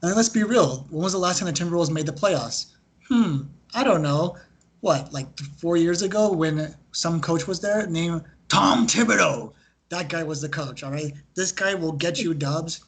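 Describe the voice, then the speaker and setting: A young man co-hosting a sports podcast, chatting casually in a joking, animated way and swearing freely. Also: a little high, moderate pace, breathy edge. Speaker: podcast co-host.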